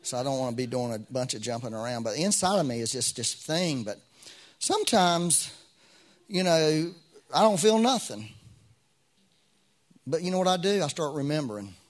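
A man's voice: a little high, big pitch swings, normal speed, long pauses. A middle-aged man preaching a sermon as pastor, in a conversational way with frequent restarts and rising bursts of emphasis.

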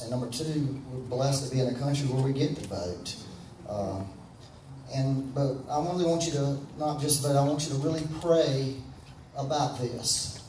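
Here the same kind of sermon comes from an American man with a medium-pitched, somewhat dark voice, talking in a homey, chatty way and prompting the congregation to respond. Slight noise sits under the sound, captured from afar in a roomy church sanctuary with faint background.

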